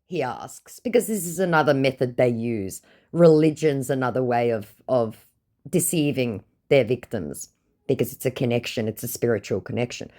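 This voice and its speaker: A woman's voice: a bass voice, big pitch swings, moderate pace, a little mellow. A woman narrating her chats with a scammer in a dry, mocking, contrary way. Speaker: scam baiter narrating chats. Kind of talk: sardonic comedic narration.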